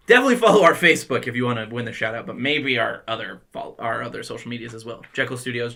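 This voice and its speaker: A podcast host opening a casual movie review chat, jokey and quick with asides. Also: mid-range voice, pushed and bright.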